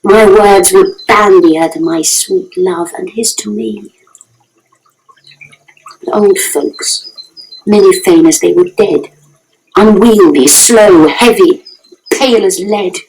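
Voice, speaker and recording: A woman's voice: medium pitch, slow pace, pauses often, a little mellow, poor audio. A woman voicing an eager young girl in love, pleading urgently for news in a radio play. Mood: impatient.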